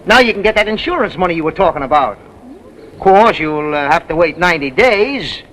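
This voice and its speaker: An actor playing a slangy, wheedling used-car dealer in a 1930s film comedy. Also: male voice, fairly high pitch, expressive, a little fast, a bit bright, a little hiss or hum, low-quality recording. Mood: defensive. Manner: slangy, wheedling sales patter.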